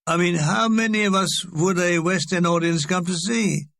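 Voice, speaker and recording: A man's voice: sits high, moderate pace, vocal fry, fairly bright tone. A man voicing a touchy male performer grumbling about the troupe's worth. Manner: grumbling, self-doubting argument.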